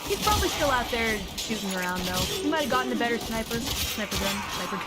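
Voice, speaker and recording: A woman's voice: fairly high pitch, lively intonation, fast. A woman streamer casually recapping a tabletop campaign in a playful, giggly, rambling way. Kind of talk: casual recap with acted quotes. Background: music.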